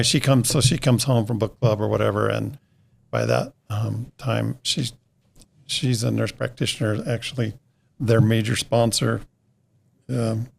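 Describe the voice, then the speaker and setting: A middle-aged man with a gravelly, creaky voice, chatting as a guest on a podcast. His story rambles and doubles back, and he slips in the back-and-forth of every conversation as he retells it. His voice sits at an everyday pitch for a man. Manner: rambling, re-enacts conversations by quoting others. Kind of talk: casual storytelling interview.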